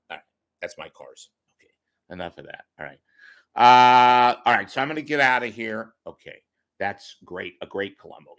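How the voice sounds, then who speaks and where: A man's voice: medium pitch, expressive, moderate pace, a bit bright. Rambling, self-deprecating male host. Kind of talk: casual monologue.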